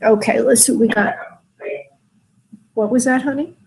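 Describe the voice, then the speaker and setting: A woman hosting a call-in show as a spirit medium, talking gently and soothingly to callers, with many fillers. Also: a little high, fairly even intonation, moderate pace, creaky, poor audio. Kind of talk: call-in reading, soft and consoling.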